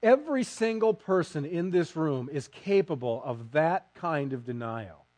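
A male preacher delivers a sermon with a high, bright-sounding pitch that swings widely. He tells the story with drama, swelling loud and dropping soft as he voices the people in it. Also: lively intonation, a little slow. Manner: dramatic storytelling, acting out quotes.

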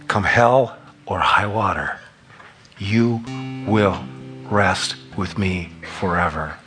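A man preaching a sermon as pastor, emphatic and rising in pitch and volume on key lines. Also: fairly bright tone.

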